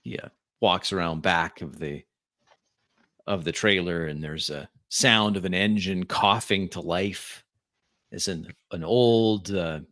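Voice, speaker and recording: A man's voice: sits low, slow, fairly bright tone. A man narrating as a tabletop game master, in a loose way full of fillers and restarts.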